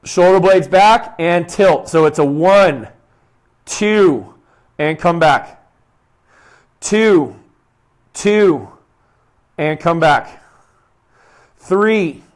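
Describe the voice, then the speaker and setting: A young man, a fitness coach, leading a guided exercise session, counting reps aloud and giving short, upbeat cues. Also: fairly high pitch. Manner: talks quietly to avoid shouting into the mic.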